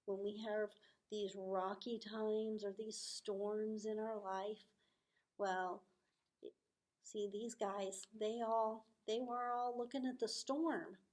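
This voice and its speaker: A woman teaching children, telling a story with lively acted-out voices and hushed asides. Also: medium pitch, takes it slowly. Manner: animated, acts out voices with big swells.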